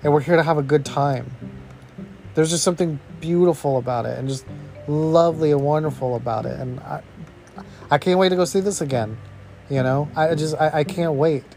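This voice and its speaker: A man hosting a podcast, giving a casual, excited movie review, rambling with lots of "bro" and "you know". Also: on the high side, a little fast, creaky, faint music behind. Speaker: podcast host reviewing a film.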